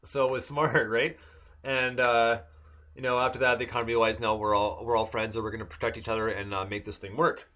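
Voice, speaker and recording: A man's voice: medium pitch, little pitch movement, a little fast, bright, forceful tone. A man on a podcast chatting casually through an episode recap, full of fillers and restarts. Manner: rambling, many fillers and restarts. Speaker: podcast co-host.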